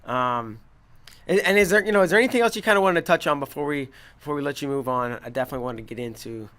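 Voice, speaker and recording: A man hosting an interview in casual chat, telling stories with relaxed energy. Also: on the high side, fast talker. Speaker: show host.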